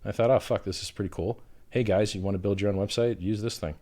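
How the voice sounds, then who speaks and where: Combative, foul-mouthed man, lowish voice. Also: fairly even intonation, fast talker, mellow. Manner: combative, profane, insulting. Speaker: interview guest. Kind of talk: heated livestream interview.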